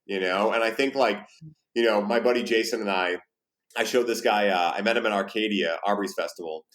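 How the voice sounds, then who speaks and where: Guy hosting a podcast, talks quick, casual, swears a bit. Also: on the low side, a bit bright. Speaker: podcast host. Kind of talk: casual interview chat.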